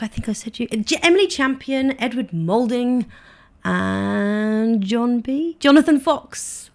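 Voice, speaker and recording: A woman's voice: on the high side, a little mellow. A woman co-hosting a casual live chat show, teasing and dry, reading out viewers' names. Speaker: co-host.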